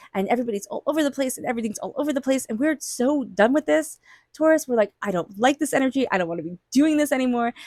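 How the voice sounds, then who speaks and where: A woman's voice: mid-range voice, a little mellow, no room sound. Chatty woman reading tarot, dry sound. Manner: chatty, acts out quoted thoughts. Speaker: tarot reader.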